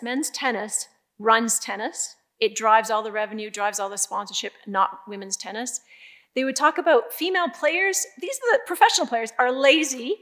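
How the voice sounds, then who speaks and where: An older woman giving a keynote speech, telling stories in a lively way with emphatic, repeated phrases. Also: high voice. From Canada. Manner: lively storytelling, emphatic repetition. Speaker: keynote speaker.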